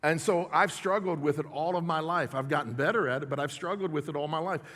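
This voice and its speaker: A middle-aged man preaches in a church, his voice sitting a little high for a man. He talks plainly and conversationally, checking in with the crowd as he goes. A long reverb from the big hall trails behind his words. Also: fast, a bit bright. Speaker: pastor. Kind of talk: sermon. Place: church sanctuary.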